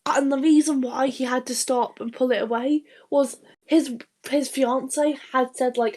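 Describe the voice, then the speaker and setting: A woman's voice: sits high, steady tone, a little slow, a little mellow. A woman co-hosting a podcast, telling a rambling anecdote in casual chat, with lots of restarts, laughter and swearing. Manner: swears freely. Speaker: podcast co-host.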